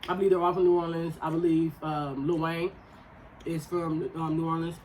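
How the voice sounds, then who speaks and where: A woman's voice: low voice, little pitch movement, moderate pace, darkish tone, slight background noise, poor audio. A woman in her thirties co-hosting a podcast, talking casually and animatedly over a meal, laughing often. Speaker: podcast co-host.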